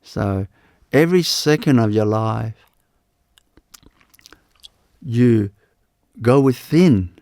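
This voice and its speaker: Slow, gravelly spiritual teacher, man. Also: mid-range voice, expressive, warm tone, no room sound, clean studio sound. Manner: unhurried, repeats phrases, many "you know"s. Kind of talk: live spiritual talk.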